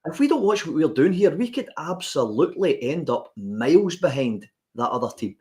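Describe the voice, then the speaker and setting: A man's voice: on the high side, very animated, moderate pace, a little mellow. A man with a Scottish accent, co-hosting a podcast and ranting with passion in casual chat. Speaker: podcast co-host.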